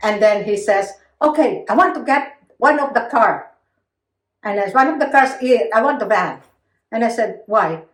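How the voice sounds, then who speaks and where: A woman's voice: normal speed, distant mic. An older woman recounting her own story in casual conversation, acting out the quoted lines with big jumps in her voice. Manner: animated, acts out quotes with big pitch jumps. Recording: echoey room, voice a bit off mic.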